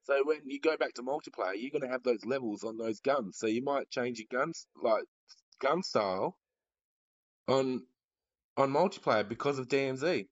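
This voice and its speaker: A man in casual podcast chat, explaining things in a relaxed way. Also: medium pitch, normal speed, dry recording. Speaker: podcast co-host. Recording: dull lo-fi mic.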